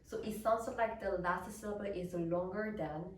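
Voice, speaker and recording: A woman's voice: mid-range voice, steady tone. A woman soprano, a native Korean speaker, giving a careful academic lecture in English and explaining each point step by step. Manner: deliberate, explanatory, reading prepared notes. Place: recital hall. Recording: roomy, echoey hall with distant mic.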